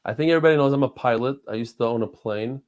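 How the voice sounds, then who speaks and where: A man in his forties talks in a steady mid-range voice. He rambles through his stories with earnest feeling and stumbles over his words to restart often. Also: mid-range voice, racing. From New York and Israel. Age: 40s. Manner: rambling, heartfelt storytelling with frequent restarts. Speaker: guest. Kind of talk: casual conversation.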